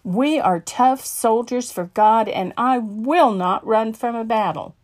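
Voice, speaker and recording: A woman's voice: on the high side, expressive, normal speed, a little mellow, pitched above the performer's own voice, close to an everyday voice. A woman voicing a fiery old woman preacher. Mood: indignant. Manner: commanding, proclaiming.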